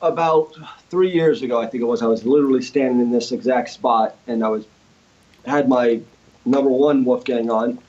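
The speaker, a man who plays guitar and invents things, is a guest in a casual interview set in a home studio. At normal speed and medium pitch, he tells a story animatedly, acting out others' lines, over dull audio.

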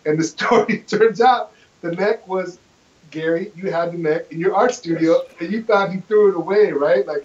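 A fairly high-pitched man who rambles with enthusiasm, restarting his sentences as he tells a story. The recording sounds dull and lo-fi. He sounds like a fan who is excited to be there. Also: moderate pace. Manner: enthusiastic, rambling, self-correcting. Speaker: guest. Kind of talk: casual storytelling chat.

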